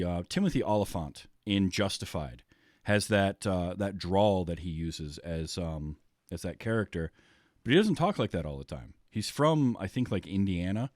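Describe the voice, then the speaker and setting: A man with a fairly low voice hosts a relaxed film podcast. He rambles through his thoughts with frequent fillers and restarts. The sound is dry and close. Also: dry recording. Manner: chatty, many fillers and restarts. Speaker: podcast host. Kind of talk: casual film discussion.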